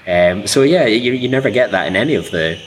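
A man's voice: lowish voice, animated, fast, a little hiss or hum. A man, chatting on a podcast in a rambling, trailing way. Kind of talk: casual podcast chat.

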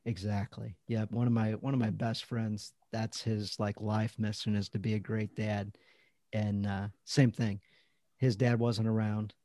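A man's voice: lowish voice, a little slow, no room sound. Man chatting as a podcast guest, dry sound. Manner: relaxed, conversational, laughs between stories. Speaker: parenting coach and author, guest. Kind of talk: casual interview chat.

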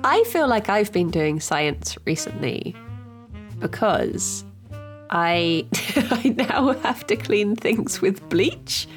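A woman co-hosting a casual podcast chat, playful and quick to laugh. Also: mid-range voice, soft background music. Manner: giggly, laughs often, animated and playful. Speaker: podcast co-host.

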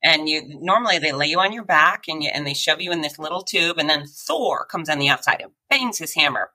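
A woman with a low-pitched voice tells her story as a podcast guest. Her delivery is forceful and bright, and she acts out quoted voices and sound effects. She laughs often along the way. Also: expressive, a little fast, few pauses, poor audio. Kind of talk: personal storytelling in conversation.

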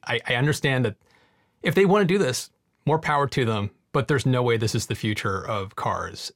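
A man's voice: medium pitch, a bit bright, no room sound, studio quality. A man co-hosting a casual talk show, giving emphatic, opinionated takes. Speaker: podcast co-host. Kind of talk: casual chat.

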